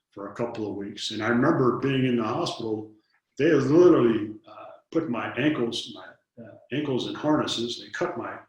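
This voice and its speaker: Guy in his 50s telling old stories, acts out the voices, really echoey room. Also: mid-range voice. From Detroit, United States. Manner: earnest storyteller, acts out dialogue, repeats words when starting a thought. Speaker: interview guest. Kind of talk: storytelling in an interview.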